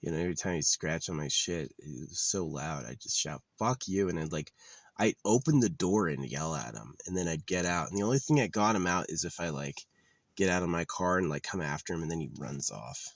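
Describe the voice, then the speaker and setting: Super deep voiced guy rambling, swears a lot, dry wry delivery, no room sound. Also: expressive, brisk, dry recording. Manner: profane, blunt, wry. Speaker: vlogger. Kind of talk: casual rambling monologue. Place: living out of his car.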